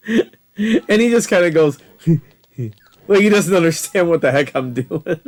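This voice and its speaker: A man's voice: a little high, animated, moderate pace, long pauses. A man giving casual gameplay commentary, telling rambling stories with frequent laughter and swearing. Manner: rambling, laughing, profane storytelling. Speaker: gaming channel host.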